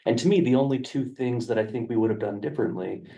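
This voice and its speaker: A man's voice: mid-range voice, fast talker, creaky, mellow, far from the mic, low-quality recording. A man on county staff explaining a development proposal at a work session, hesitant and full of fillers, in a meeting room. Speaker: county planning staff presenter.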